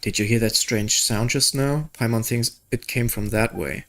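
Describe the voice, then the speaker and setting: A man's voice: medium pitch, steady tone, moderate pace, fairly bright tone. A young man chatting casually and joking while playing a game, reading its dialogue aloud. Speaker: gaming video creator.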